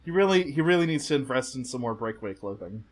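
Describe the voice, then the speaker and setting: A man's voice: mid-range voice, animated, fast talker. A man co-hosting a podcast, chatting casually and joking through an episode recap. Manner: chatty, joking, laughs often. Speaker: podcast co-host.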